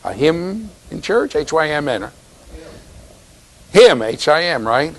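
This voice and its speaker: A man's voice: fairly high pitch, big pitch swings, slow, rough recording. A man giving a university classroom lecture, teasing students and checking in with "right?".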